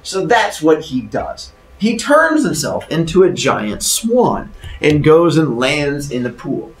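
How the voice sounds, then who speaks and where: Lively man telling a myth playfully. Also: on the high side, slow. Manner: playful, jokey retelling with voices. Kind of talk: animated storytelling lesson. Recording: roomy, distant mic.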